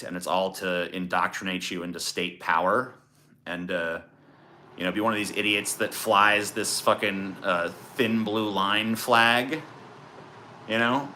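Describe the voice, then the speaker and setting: A man's voice: low-pitched, sharp tone. A man streaming live, chatting in a profane, sarcastic, rambling way as he answers his chat. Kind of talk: casual livestream chat.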